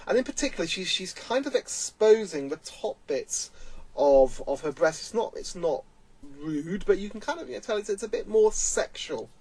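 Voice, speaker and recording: A man's voice: sits high, animated, moderate pace, darkish tone, breathy edge, rough recording. A man giving earnest, emphatic spoken commentary, repeating his points as he explains. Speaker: vlogger.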